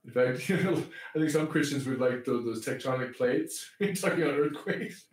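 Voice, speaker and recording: A man's voice: mid-range voice, normal speed. A podcast host who grew up in Canada talks in a rambling, casual way, chuckling often and restarting his sentences. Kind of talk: casual faith chat. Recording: roomy echo, mic at a distance.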